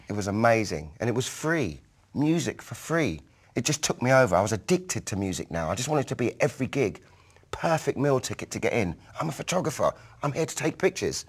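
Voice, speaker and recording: A man from North London with a London accent, telling stories in a documentary about his days as a music photographer. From North London, England. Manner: animated storyteller who bursts higher and louder when acting out quotes. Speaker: photographer recalling his youth. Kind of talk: documentary storytelling.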